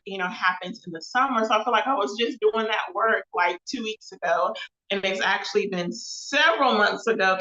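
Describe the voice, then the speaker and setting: A bright-voiced woman chats on her own livestream, looping back over phrases and calling her viewers y'all. The sound is echoey and a little dull, like a home room picked up by a basic mic. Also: mid-range voice. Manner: chatty, repeats phrases, addresses viewers as y'all. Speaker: host of a live show and podcast. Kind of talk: casual livestream talk with faith references.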